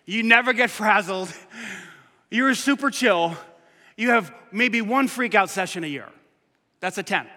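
A pastor delivers a casual, conversational sermon in a church, his voice very high and bright. He swings from loud urging to hushed asides. A long reverb trails every phrase. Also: animated, unhurried, pauses often.

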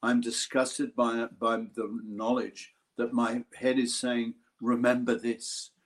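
Older man, Australian accent, interview guest, lively storytelling, acts out voices. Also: mid-range voice, slow. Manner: animated storyteller acting out voices. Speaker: actor guest. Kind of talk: interview anecdote.

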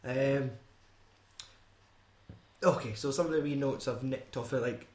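A man's voice: medium pitch, unhurried, darkish tone. Scottish guy rambling about a movie, swears a lot, kinda echoey room. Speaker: podcast co-host. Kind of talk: casual film chat.

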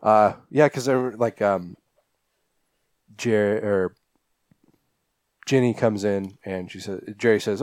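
A man's voice: on the low side, slow pace, long pauses, darkish tone, no room sound. A man co-hosting a podcast, casually recapping a horror film with lots of ums and restarts. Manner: rambling, many fillers and restarts. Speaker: podcast co-host.

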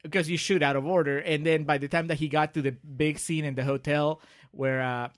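A man's voice: fairly high pitch, steady tone, brisk. A man co-hosting a casual movie podcast, rambling through his points and laughing often. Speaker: podcast co-host.

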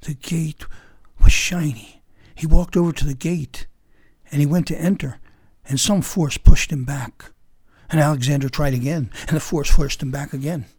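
Male storyteller, dramatic pauses, whispers and loud bursts, fairly high voice, dry close sound. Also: steady tone, husky, dry recording. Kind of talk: oral storytelling.

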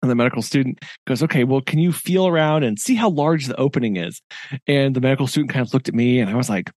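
A man's voice: medium pitch, fast talker, a little mellow, dry recording, studio quality. A middle-aged man co-hosting a podcast, telling a story in casual chat and laughing often. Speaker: podcast co-host.

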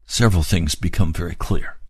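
A man's voice: deep voice, fairly quick, breathy edge, no room sound, studio quality. A man preaching a sermon, explaining scripture phrase by phrase. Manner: expository, explaining scripture word by word.

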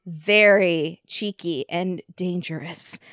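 A woman's voice: on the low side, slow pace, fairly bright tone, dry recording, clean studio sound. A woman hosting a podcast in casual, joking chat, laughing often. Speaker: podcast host.

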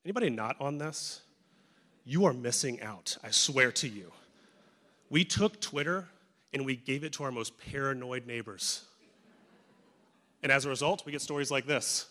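A man's voice: medium pitch, normal speed, long pauses, pushed and bright. A male pastor preaching a sermon in a church, conversational and joking with emphatic turns. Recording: echoey church hall.

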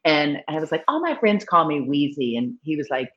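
A middle-aged woman from Nashville with a slight Southern accent, chatting casually as an interview guest and acting out quotes in animated voices. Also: low-pitched, fairly quick, highs cut off. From Nashville, Tennessee. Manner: lively storyteller, acts out quotes with animated voices. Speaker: real estate broker guest.

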